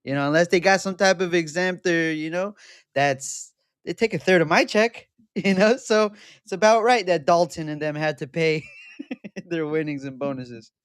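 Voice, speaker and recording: A man's voice: a little high, normal speed, clear, resonant tone, no echo. Laid-back male co-host, dry sound. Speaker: podcast co-host. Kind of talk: casual chat.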